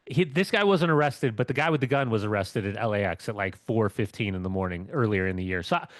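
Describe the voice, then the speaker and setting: A man's voice: on the low side, lively intonation, fast, no room sound, studio quality. A man co-hosting a podcast and chatting casually, telling rambling stories with lots of restarts. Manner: rambling storyteller with many restarts. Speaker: co-host.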